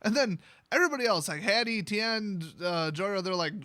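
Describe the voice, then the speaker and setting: A man's voice: high voice, expressive, measured pace, bright, forceful tone, no echo. Sarcastic man mocking a fantasy story. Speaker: video host retelling a fantasy novel. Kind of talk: sarcastic comedic story retelling.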